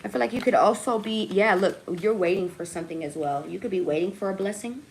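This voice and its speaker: A woman's voice: medium pitch, fast, creaky, slight background noise. A young woman giving a casual tarot reading to her viewers. She jokes, swears, laughs at herself and keeps checking in with "okay?" and "right?". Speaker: tarot reader.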